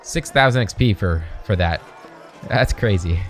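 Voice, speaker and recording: A man narrating a video game playthrough, reading the on-screen text aloud slowly with casual asides. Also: on the low side, lively intonation, faint music behind. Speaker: game streamer.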